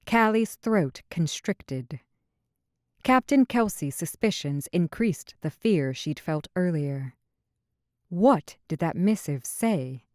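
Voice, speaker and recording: A woman narrating a fantasy romance audiobook in an even, measured reading. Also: fairly low pitch, dry recording, studio quality. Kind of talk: scripted narration.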